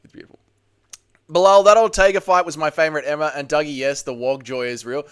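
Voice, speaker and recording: A man's voice: on the high side, steady tone, fast talker, fairly bright tone, clean tone. A man with an Australian accent hosting a casual livestream, chatting with viewers and commentating a fight in a blunt, sweary, joking way. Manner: sweary, blunt, jokey, laughs often. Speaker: livestream host.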